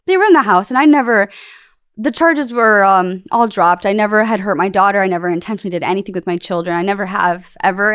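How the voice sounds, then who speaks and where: A woman in her thirties telling her story in a candid interview. Her voice is smooth and clear, at a middle pitch. She speaks close to the mic in a dry, dead room, rambling through fillers and restarts. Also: fairly bright tone, no room sound. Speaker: guest.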